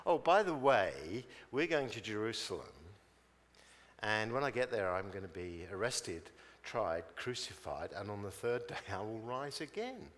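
A preacher voicing a calm loving teacher. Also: male voice, lowish voice, unhurried, big-room sound, pitched below the performer's own voice. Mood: solemn.

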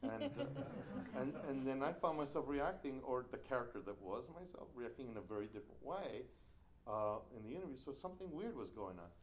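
Animated man telling a story with swinging pitch. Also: fairly quick, a little hiss or hum. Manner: lively storyteller who acts out quoted voices, with restarts. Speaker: playwright and writing workshop teacher.

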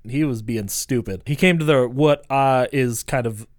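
A man's voice: medium pitch, normal speed, no room sound, clean studio sound. A man hosting a casual podcast chat, swearing freely and acting out scenes. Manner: laughing, profane, acts out scenes. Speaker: podcast host.

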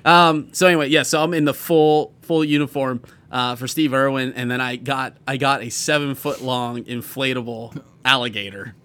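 A man's voice: mid-range voice, steady tone, normal speed, bright, forceful tone. A man co-hosting a podcast, telling a story in casual chat, rambling with many fillers and restarts. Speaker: podcast co-host.

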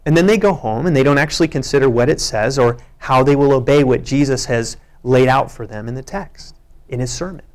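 A man's voice: mid-range voice, fairly quick, darkish tone. A man preaching a sermon, reading scripture aloud with earnest emphasis. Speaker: pastor.

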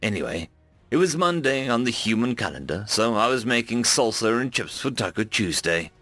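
A man voicing a shaken human man who sees himself as a coward, telling his story in a rueful, halting way. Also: mid-range voice, sing-song, bright, forceful tone, no echo, soft background music.

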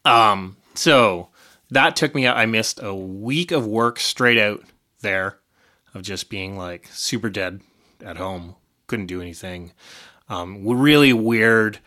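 A man co-hosting a casual podcast, audibly short of breath as he talks. His voice sits a little low, but its tone is bright and tense. He speaks candidly, drops swear words, and laughs off heavy news. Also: slow pace, long pauses. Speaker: podcast co-host.

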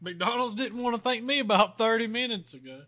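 A young man chatting casually on a podcast, talking slowly in a drawl. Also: very high-pitched, sharp tone. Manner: drawling, slow-talking, laughs at himself. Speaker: podcast co-host. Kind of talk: casual chat.

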